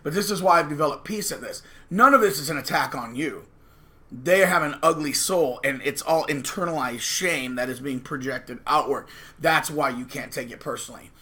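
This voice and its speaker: A man's voice: on the high side, moderate pace, sharp tone. A man hosting his channel, talking to camera in a combative, preachy and emphatic way. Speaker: channel host. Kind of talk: casual monologue to camera.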